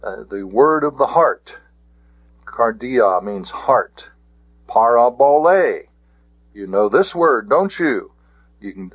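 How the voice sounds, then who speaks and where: A man with a husky, breathy voice teaches a vocabulary lesson at an unhurried pace, saying each word carefully and repeating it. The recording is dull and lo-fi, with a dry, close sound. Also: medium pitch, no echo. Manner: occasional self-corrections and hesitations. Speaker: Greek teacher.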